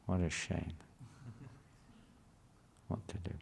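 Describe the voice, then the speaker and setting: A man's voice: deep voice, little pitch movement, slow, gravelly, breathy edge. A man teaching a scripture class to a live group in a conversational way, often asking the listeners questions.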